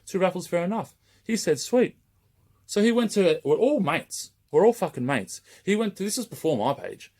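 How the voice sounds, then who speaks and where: A man's voice: high-pitched, very animated, fairly quick, darkish tone. A man running a raffle page, delivering a heated, rambling open-letter rant straight to camera and swearing constantly.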